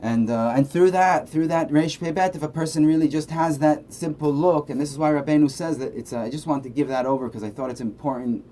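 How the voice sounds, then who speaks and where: In a slightly high, dark voice, a Torah teacher speaks fairly quickly with few pauses, keeping things conversational and tossing in "right?" again and again. Faint background noise is present.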